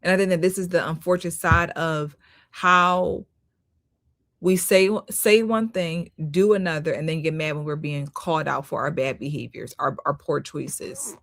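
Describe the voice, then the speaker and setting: A woman's voice: sits low, steady tone, moderate pace, a bit bright, no echo. A woman hosting a live-stream commentary, critical in tone, often repeating herself for emphasis and talking to viewers as "y'all". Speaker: host.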